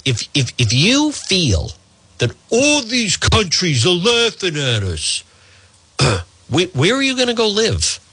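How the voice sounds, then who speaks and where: A man's voice: fairly high pitch, sharp tone, husky, dry recording. A man hosting talk radio, delivering a combative, exasperated monologue full of rhetorical questions into a studio microphone. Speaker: radio talk show host.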